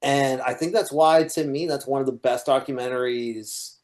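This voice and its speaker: A man co-hosting a casual film-discussion podcast, measured and reflective, steering the conversation with questions. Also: mid-range voice, steady tone, a little mellow. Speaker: podcast co-host.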